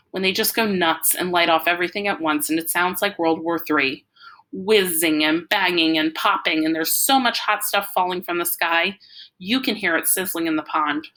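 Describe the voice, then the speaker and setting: A woman reading a novel aloud, giving a lively first-person narration. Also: fairly low pitch, normal speed. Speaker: audiobook reader.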